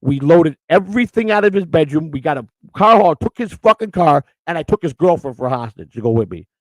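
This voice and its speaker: A man's voice: fairly high pitch, animated, a little fast, no echo. A man from the Chicago area hosting a show, telling a story in profane, rambling street talk. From Chicago area, USA. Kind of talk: casual storytelling.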